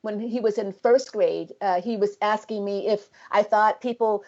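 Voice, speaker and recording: A woman's voice: mid-range voice, steady tone, normal speed, darkish tone, lo-fi sound. A middle-aged woman researcher in a conversational interview, speaking thoughtfully with many fillers and restarts.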